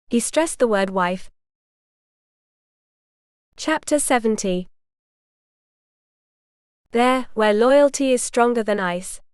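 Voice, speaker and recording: A woman narrating a historical romance audiobook in a measured, even storytelling manner. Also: fairly high pitch, clean tone, no room sound, clean studio sound.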